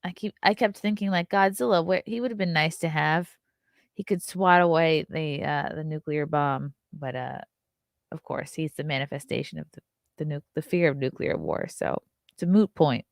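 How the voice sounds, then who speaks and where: Low-voiced joking woman reviewing a movie. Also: normal speed, gravelly, no echo, clean studio sound. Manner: animated, jokey, acts out voices of characters. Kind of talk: casual comedic movie review.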